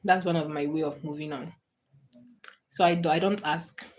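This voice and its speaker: A woman with a low-sitting, steady voice talks at a moderate pace while hosting a casual livestream. She works through viewers' comments, laughing often and restarting or repeating what she says.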